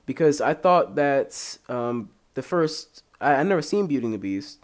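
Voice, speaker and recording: A man's voice: medium pitch, normal speed. A young man hosting a podcast in casual chat, rambling and swearing freely. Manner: animated, profane, rambling. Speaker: podcast host.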